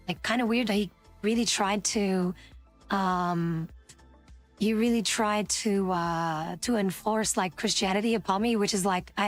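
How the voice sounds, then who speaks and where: Woman streamer chatting to viewers; loose, rambling delivery full of fillers, soft music under her. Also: medium pitch. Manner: rambling, many fillers and restarts. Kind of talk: casual storytelling to chat.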